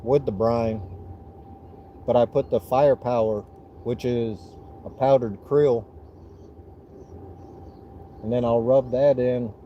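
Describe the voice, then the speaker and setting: A middle-aged man with a Southern US accent, chatting casually on a fishing livestream in a relaxed, rambling way with frequent restarts. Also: medium pitch, slow, pauses often, dull audio, slight background noise.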